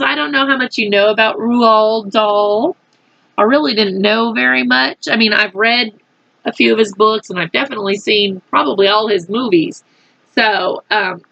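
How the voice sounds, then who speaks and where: A woman's voice: on the high side, gravelly, fairly bright tone, no echo, muffled recording. A woman teacher reading a storybook aloud to children, with chatty asides to her young listeners. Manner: chatty, friendly asides to kids.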